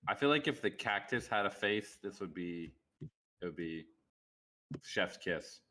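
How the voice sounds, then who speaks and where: A man's voice: sits low, lively intonation, measured pace, pushed and bright, slight background noise. A man co-hosting a casual livestream, making laid-back, dry short remarks. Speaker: co-host.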